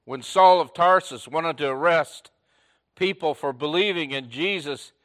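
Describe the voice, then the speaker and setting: A man delivers a sermon, speaking slowly with a bright, forceful edge and a voice sitting a little high. He builds with short repeated phrases, then drops almost to a hush before surging again. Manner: swings between loud emphatic lines and hushed near-whispers. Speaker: pastor.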